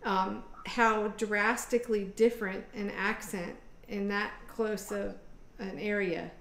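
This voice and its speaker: A woman's voice: medium pitch, fairly even intonation, slow pace, gravelly, echoey room. A woman from Michigan hosting a casual chat over a video call, rambling with many fillers. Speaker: host.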